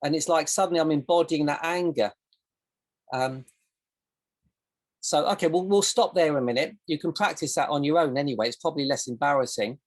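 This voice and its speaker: A woman's voice: sits low, a little fast. A woman teaching a casual online coaching session over a video call, in a loose, rambling way with plenty of examples. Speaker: self-discovery coach.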